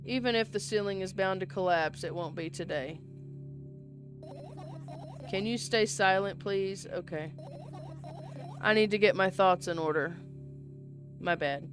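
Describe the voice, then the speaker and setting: A woman's voice: medium pitch, unhurried, pauses often, music in the background. Woman reading a visual novel aloud. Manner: reads all parts herself, with casual asides. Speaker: game player reading aloud.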